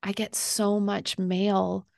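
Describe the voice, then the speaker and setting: A woman author speaks gently and reflectively in an interview, her mid-pitched voice carrying a gravelly texture. She laughs easily and sometimes drops into soft, near-whispered lines. The sound is dry and close. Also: little pitch movement, slow, dry recording. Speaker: author and podcast host, guest.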